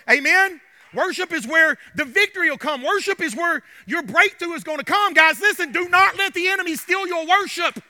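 A man preaching a sermon in a church. He urges the congregation to answer back, then drops to quiet, confiding talk. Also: very high voice. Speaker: pastor.

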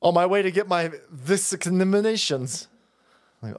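A man's voice: high voice, expressive, unhurried. A man in his forties hosting a livestream, delivering a profane, mocking comedic rant and laughing often. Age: 40s. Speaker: livestream host.

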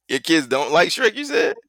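A man on a casual podcast tells crude stories and keeps laughing as he goes. His voice is bright and his pitch swings widely. The recording is dry and close. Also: creaky, dry recording. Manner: laughing, profane storytelling. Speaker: podcast co-host. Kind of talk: casual chat.

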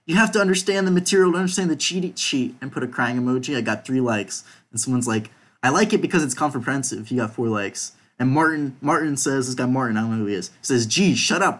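A young man hosting a podcast, casually reading out group chat messages and swearing now and then. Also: medium pitch. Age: young adult. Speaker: podcast host.

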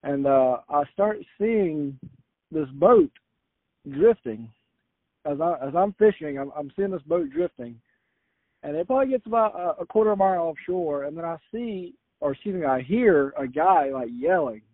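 Casual storyteller from Florida, man, slightly high voice, tinny phone-like line. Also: animated, normal speed, no room sound. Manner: rambling, self-correcting with frequent "uh". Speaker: guest storyteller. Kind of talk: casual anecdote.

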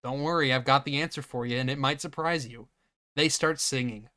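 A man's voice: medium pitch, pushed and bright. A man hosting a podcast, recapping a film in sarcastic, profane, casual chat. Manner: sarcastic, swears freely, recaps scenes in quick bursts. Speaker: podcast host. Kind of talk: casual movie-riffing chat.

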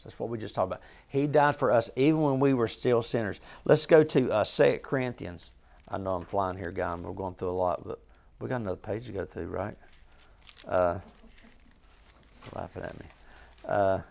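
A man's voice: on the low side, creaky, a little mellow. A man leading an informal Bible study with a small group. He is earnest and emphatic, often quizzes the listeners and restarts his sentences as he goes. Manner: conversational, asks the group questions, frequent restarts.

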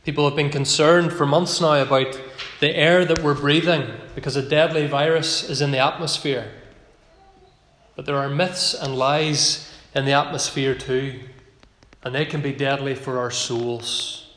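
A man preaching a sermon as pastor, earnest, slowing down to stress key phrases. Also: mid-range voice, fairly even intonation, fairly bright tone. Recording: echoey hall with long reverb.

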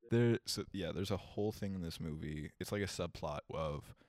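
A young man from Kentucky co-hosting a podcast in casual chat, rambling and animated, laughing often. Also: deep voice, normal speed, no echo, studio quality. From Kentucky, United States. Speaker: podcast co-host.

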